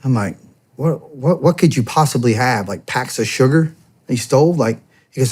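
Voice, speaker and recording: As a podcast guest, a former soldier and police officer from the United States, in his thirties, animatedly tells a long casual story at normal speed. His medium-pitched voice is a little mellow with a breathy edge, and he rambles, constantly saying "I'm like" and quoting back-and-forth exchanges.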